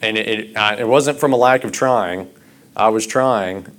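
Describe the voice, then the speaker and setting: A man preaching a sermon, starting out halting and rambling, then growing louder and impassioned. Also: lowish voice.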